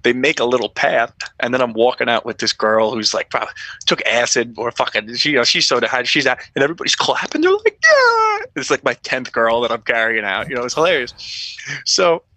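A young adult man, a former police officer, telling stories as a podcast guest in a lively, profane way, acting out quotes in a raised voice. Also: mid-range voice, fast, dry recording. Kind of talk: animated storytelling.

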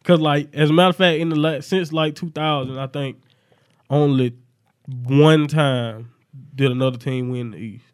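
A man giving confident, animated sports picks in a casual group chat. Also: fairly high pitch, clean tone. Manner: confident, animated, quick-talking. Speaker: sports pundit.

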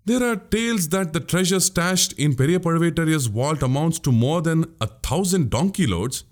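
In an audiobook, a man voices a crafty older male spy, teasing and mocking with pointed questions. His fairly high pitch is pushed up a little but stays close to an everyday voice, expressive and at a moderate pace.

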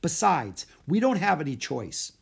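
An anxious young boy, voiced by a man reading a storybook, speaks in raised, pressing tones. He is cautious and urgent, and each line comes out higher and louder than plain narration. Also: very animated, measured pace, vocal fry, breathy edge, exaggerated voice. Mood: determined.

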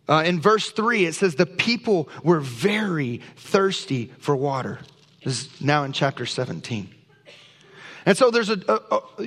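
A pastor delivers a sermon, a man whose voice sits a touch high for a man. He reads scripture and presses his points with earnest emphasis. His words ring out with a long reverb through a church sanctuary. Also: a bit bright.

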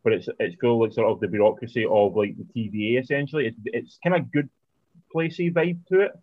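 A man co-hosting a podcast, giving quick, opinionated film takes and steering the talk to the next title. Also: medium pitch, no echo. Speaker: podcast co-host. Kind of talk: casual film review chat. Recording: tinny phone-like line, dry.

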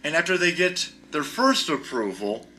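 A man's voice: fairly high pitch, very animated, moderate pace, sharp tone. A man hosting a podcast, delivering a heated, sarcastic and profane rant. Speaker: podcast host. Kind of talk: ranting podcast commentary.

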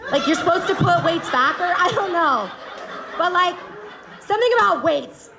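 High, lively woman telling a story live. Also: moderate pace, gravelly, background noise. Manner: animated, laughing, casual with swearing. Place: stage in front of an audience. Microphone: handheld microphone. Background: faint audience.

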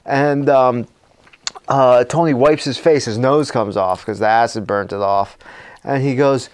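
A man co-hosting a comedy podcast, improvising a horror movie plot in a rambling, energetic way with frequent fillers. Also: mid-range voice, unhurried, smooth. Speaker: podcast co-host.

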